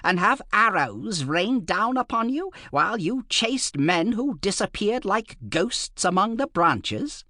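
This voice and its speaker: A man's voice: high-pitched, sing-song, slow, hardly any pauses, sharp tone, dry recording, studio quality, voice pushed up, heavily acted. A man voicing a small, imperious male emperor with a harsh, nasal voice and cutting, sarcastic questions. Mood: scornful. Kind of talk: audiobook character voice.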